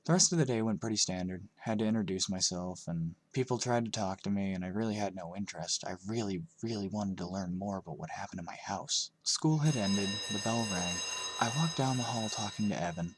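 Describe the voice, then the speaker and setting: A man narrating a scripted horror story in a measured, subdued storytelling manner. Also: on the low side, no room sound.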